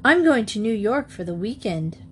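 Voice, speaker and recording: A woman reading a storybook, voicing a lively schoolgirl who speaks quickly and exclaims. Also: on the high side, slight background noise. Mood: casual. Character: torn, lively schoolgirl Geneva.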